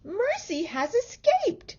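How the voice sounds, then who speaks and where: A woman voicing a fussy, doting middle-aged wife who panics easily, in a high, excitable voice. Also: slow pace, highs cut off, heavily acted. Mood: panicky.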